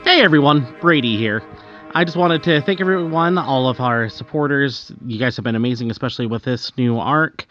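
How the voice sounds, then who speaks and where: A man's voice: mid-range voice, brisk, fairly bright tone, muffled recording, faint music behind. A man hosting the show, thanking listeners in an upbeat, chatty way. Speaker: show host.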